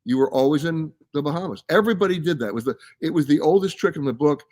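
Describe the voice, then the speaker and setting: Man, travel show host, chatty and emphatic, somewhat high voice, casual live chat. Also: quick pace, a little mellow. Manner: chatty and emphatic, reads out viewer comments and answers them. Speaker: travel show host answering viewer questions. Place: live from a science center.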